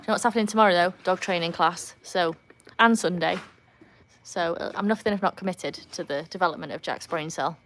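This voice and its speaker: A woman's voice: a little fast, fairly bright tone, a little hiss or hum. Chatty Welsh woman on a live stream. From North Wales. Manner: chatty, laughs often, talks to her dogs in a higher voice. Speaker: livestream host. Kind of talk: casual live-stream chat. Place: outdoors by a backyard pool. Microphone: phone.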